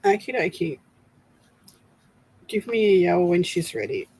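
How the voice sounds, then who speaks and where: A woman's voice: lowish voice, sing-song, measured pace, mellow, breathy edge, poor audio. A woman hosting a casual crafting livestream, chatting and greeting viewers by name as she works.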